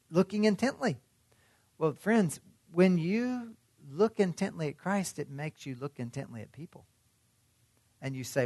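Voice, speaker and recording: A man's voice: a little high, expressive, unhurried, a little mellow, dry recording. A man preaching a sermon in a conversational way, often asking his listeners questions. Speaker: pastor.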